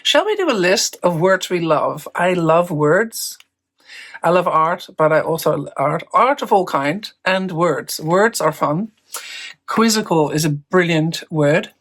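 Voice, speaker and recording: Bubbly, rambling woman artist vlogging. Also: fairly low pitch. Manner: bubbly, rambling and self-amused, jumping between topics. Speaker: mixed media artist and art teacher. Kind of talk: chatty studio vlog. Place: small home art studio. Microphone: phone held close up.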